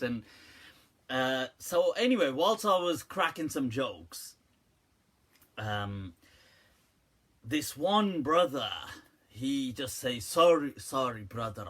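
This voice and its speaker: A man's voice: a little high, a bit bright. A man, a religious teacher, giving an informal question-and-answer talk, telling anecdotes with frequent laughter and quoting poetry. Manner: anecdotal, laughs often, quotes Urdu poetry.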